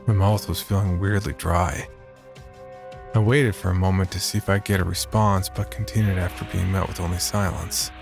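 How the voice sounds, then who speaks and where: A man narrating a first-person horror story in a measured, steady voice. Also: low-pitched, gravelly, soft background music.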